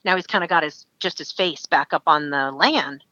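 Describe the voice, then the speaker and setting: Woman from alaska telling a story, chatty and lively, bright tense voice, kinda muffled dry recording. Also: deep voice, moderate pace, no room sound. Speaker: podcast guest. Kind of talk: casual storytelling.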